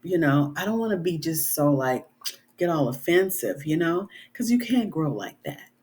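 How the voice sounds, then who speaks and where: A woman's voice: low voice, big pitch swings, moderate pace, a little mellow, breathy edge. A middle-aged woman author talking in a casual vlog, earnest and conversational, often adding "you know" and "right?".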